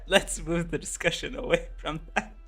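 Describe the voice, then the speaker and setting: A male streamer talking to his chat in a relaxed, slangy way, often breaking into giggles. His voice sits a touch high and he speaks slowly and deliberately. Soft game music plays faintly behind him. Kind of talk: casual game reaction stream.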